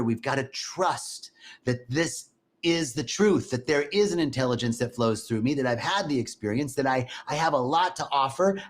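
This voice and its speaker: A man giving an inspirational spiritual talk, earnestly repeating affirmations aloud and adding folksy, joking asides. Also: medium pitch. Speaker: spiritual teacher.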